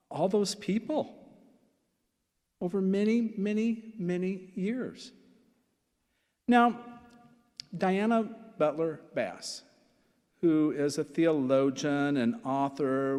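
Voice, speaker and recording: An older man in his sixties preaches a sermon at an unhurried pace. He tells stories with asides and repeats key phrases, his voice ringing with long reverb from a church hall. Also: medium pitch, darkish tone. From Nebraska. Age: 60s. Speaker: pastor. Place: church sanctuary.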